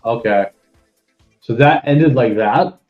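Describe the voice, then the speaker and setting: A man's voice: mid-range voice, slow pace, faint music behind. A man co-hosting a podcast, chatting casually with wry, teasing remarks. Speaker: podcast co-host. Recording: roomy, dull lo-fi sound.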